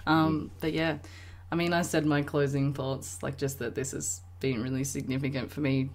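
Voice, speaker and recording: A woman's voice: very deep voice, level tone, moderate pace. A woman on a casual group video call, giggly and effusive, laughing between phrases.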